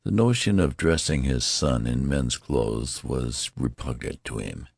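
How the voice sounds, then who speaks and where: Deep, gravelly man narrating an audiobook. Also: unhurried, no echo, clean studio sound. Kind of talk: scripted narration.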